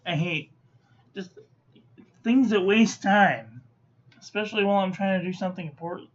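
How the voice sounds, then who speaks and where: This woman, medium in pitch and moderately paced, chats casually while reviewing ink on paper. She rattles off brief verdicts and adds chatty side comments, all captured in slightly muffled lo-fi audio.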